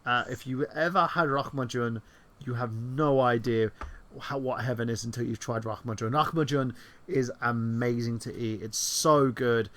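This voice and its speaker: Guy rambling on a chat show, swears a lot, bright voice. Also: medium pitch, moderate pace. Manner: rambling, excitable, swears freely. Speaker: podcast co-host. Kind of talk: casual online chat show.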